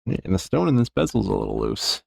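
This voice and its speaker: A man's voice: fairly low pitch, huge pitch swings, fast, vocal fry, a little mellow, breathy edge, no echo, studio quality. A man chatting casually on a live stream from his jewelry workbench, easygoing and rambling as he thanks viewers. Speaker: jeweler streaming bench work.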